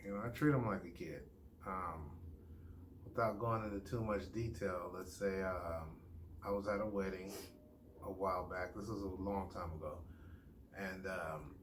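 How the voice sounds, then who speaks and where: A man's voice: sits low, steady tone, a little slow. An American man in a casual discussion, talking in a rambling way with slang and fillers. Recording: echoey room with faint noise.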